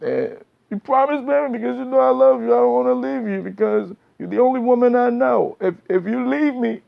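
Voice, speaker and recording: A man voicing a needy young boyfriend pleading with his partner in a soft, raised voice. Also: very high voice, brisk, gravelly, lo-fi sound, pitched above the performer's own voice, full character voice.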